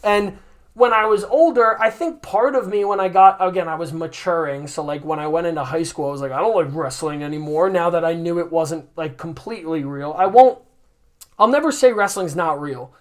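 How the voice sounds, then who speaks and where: A young man in his twenties chatting casually on a podcast, rambling and animated, swearing freely and acting out quotes. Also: on the high side, fairly quick. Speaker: podcast host.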